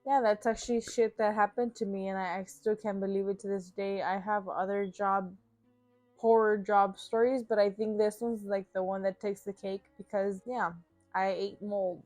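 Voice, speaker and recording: A woman's voice: mid-range voice, little pitch movement, moderate pace, darkish tone, no echo. Young woman, blunt and profane, lots of fillers, casual rant, dry close recording, faint music behind. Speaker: vlogger.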